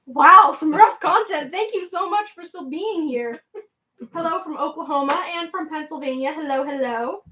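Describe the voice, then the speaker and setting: A woman's voice: sits high, moderate pace, sharp tone, low-quality recording. A young woman with a southwestern Ontario Canadian accent hosting a casual livestream. She is bubbly and chatty, laughs often, and answers her viewers' chat as she goes. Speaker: livestream host.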